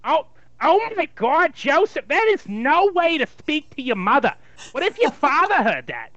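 A man voicing an older nagging mother in a put-on New York Jewish accent, high and whiny. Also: big pitch swings, moderate pace, a bit bright, no echo. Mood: scolding. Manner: high shrill whiny scolding. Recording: dull dry lo-fi sound.

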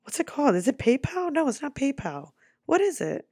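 A young woman from the United States telling a personal story to her viewers in a casual vlog, animated and quick, swearing freely. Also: sits high, no room sound, clean studio sound. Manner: animated, swearing, talks fast in bursts. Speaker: vlogger.

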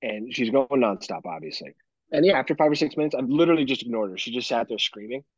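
A man on a podcast chats casually and swears freely as he tells animated stories about parenting. His voice is husky and the sound is dry and close. The recording is a little dull and lo-fi. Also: mid-range voice, fast talker, no echo. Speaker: podcast co-host. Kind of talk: casual chat.

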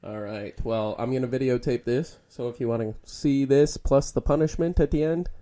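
A man's voice: medium pitch, normal speed, warm tone. A young man co-hosting a casual podcast, joking and swearing while running movie trivia with a friend. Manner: laughing, swearing, playful quizmaster. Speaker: podcast co-host. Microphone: handheld camera.

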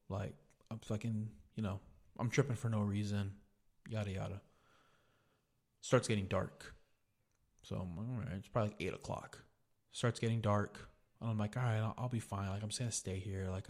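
A young man hosting a podcast, telling a story in a casual, profane way and saying "dude" a lot. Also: lowish voice. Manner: profane, laid-back, says "dude" a lot. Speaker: podcast host.

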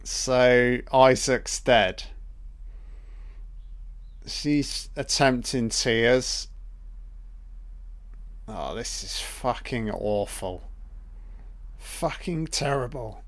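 A man's voice: medium pitch, drawn-out words, long pauses. A man giving a mocking, profane running commentary on a film he is watching for the first time. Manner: mocking, profane, deadpan asides. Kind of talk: sarcastic solo film commentary.

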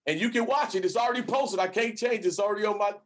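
A man hosting a casual interview, talking in an effusive, hyped-up way with shout-outs and lots of repetition. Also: sits high, fast. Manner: hype, effusive shout-outs, repeats himself. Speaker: host.

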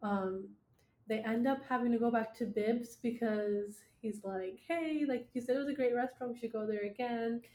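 Young woman, co-host, bright higher voice, casual plot recap, echoey room. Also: fairly even intonation, normal speed. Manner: casual, retells the plot with many fillers. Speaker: podcast co-host. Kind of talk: casual book chat.

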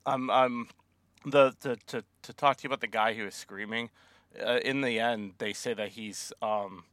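A man's voice: medium pitch, fairly even intonation, moderate pace, a bit bright, no room sound. A man co-hosting a casual podcast discussion, hesitant, with plenty of fillers. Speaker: podcast co-host.

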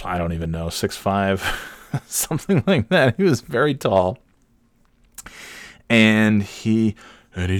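A man with a fairly low voice tells a long, meandering story from his office days, swearing freely and tripping over fillers. He grows more worked up as the tale goes on. The sound is dry and close, with no room around it. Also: no echo. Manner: rambling, profane, filler-heavy, growing exasperated. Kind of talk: casual anecdotal monologue.

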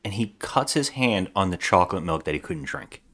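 Low-voiced man animatedly recapping a film. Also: brisk. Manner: animated retelling that acts out characters' lines. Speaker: podcast co-host. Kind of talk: casual movie recap chat.

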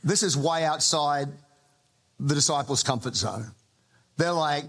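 Pastor telling stories. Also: male voice, on the high side, measured pace, gravelly, long pauses, fairly bright tone. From Australia. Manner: conversational storytelling with humour. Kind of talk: sermon.

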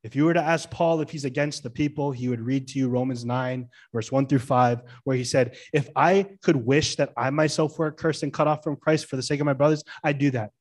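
A middle-aged male pastor preaching a sermon in a lively way, often asking the church questions and stressing key words. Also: medium pitch, fairly quick, hardly any pauses.

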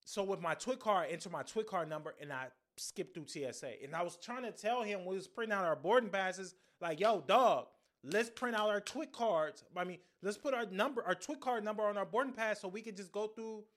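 High-voiced young man telling a story. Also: fairly quick, hardly any pauses. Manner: animated, profane, slangy storytelling. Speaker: podcast host. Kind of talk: casual storytelling monologue.

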